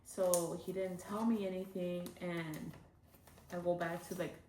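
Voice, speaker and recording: A young woman talks casually about her own life in a chatty way, with many fillers. She sits away from the mic, and her voice rings in an echoey room. Background noise is clearly heard. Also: lowish voice, fairly even intonation, a little slow, mellow, recorded from a distance. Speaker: vlogger. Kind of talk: casual storytelling.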